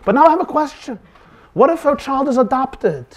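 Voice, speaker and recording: A man's voice: extremely high pitch, a little fast. A man, a rabbi, teaching a Torah class, acting out little dialogue scenes and sprinkling in Yiddish and Hebrew words. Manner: animated, acts out dialogue scenes.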